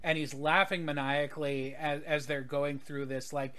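A man's voice: fairly high pitch, level tone, normal speed, fairly bright tone. A man narrating a tabletop game as game master, with rambling, hesitant delivery and plenty of fillers.

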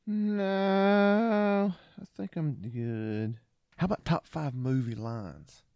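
A man co-hosting a podcast in casual chat, animated as he quotes movie lines and laughs along. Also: fairly high pitch, drawn-out words, clean tone, no room sound. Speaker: podcast co-host.

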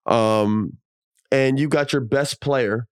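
A man, a former professional basketball player, co-hosting a casual sports podcast, talking in an animated, emphatic way with slang and casual swearing. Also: medium pitch, takes it slowly, smooth, no room sound, studio quality.

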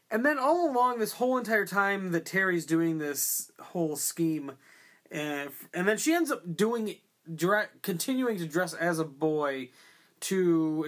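Picture a person chatting casually about a film on a podcast, circling their point through fillers, false starts and loose swearing. The voice sits at a middling pitch and moves along easily, with no particular edge to it. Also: expressive, measured pace. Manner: rambling, many fillers and restarts. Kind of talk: casual movie discussion.

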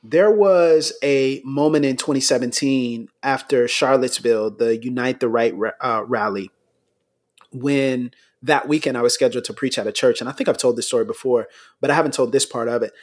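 A middle-aged American man, a pastor, telling stories in a relaxed podcast conversation, laughing between points. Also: medium pitch, normal speed.

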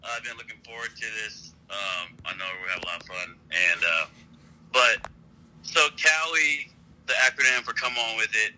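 A man tells rambling stories as a podcast guest. His voice is very bright and forceful, and he keeps things laid-back, often laughing mid-story. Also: on the low side, normal speed, rough recording. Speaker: podcast guest, brand founder. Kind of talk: casual interview storytelling.

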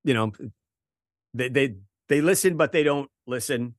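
A man's voice: mid-range voice, a little slow, dry recording. Boston guy rambling about books on a call, dry close sound, kinda swears a lot. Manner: chatty, profane, repeats words. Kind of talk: casual book discussion. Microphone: online call.

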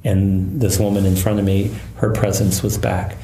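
A man who is a Catholic priest and exorcist, calmly recounting a case in an interview. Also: deep voice. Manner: calm, measured storytelling. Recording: echoey room.

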